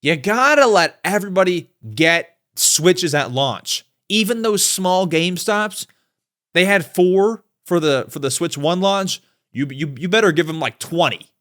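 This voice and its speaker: Young male podcast host, fairly high voice that swings widely, chatty and slangy news commentary. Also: unhurried. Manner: animated, chatty, slangy asides.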